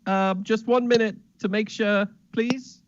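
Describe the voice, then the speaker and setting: A man's voice: high-pitched, fairly even intonation, unhurried, no echo, highs cut off, pitched above the performer's own voice. A man voicing Smithington, a flustered, fussy male host who stammers and pleads for everyone to wait a minute. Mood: flustered pleading.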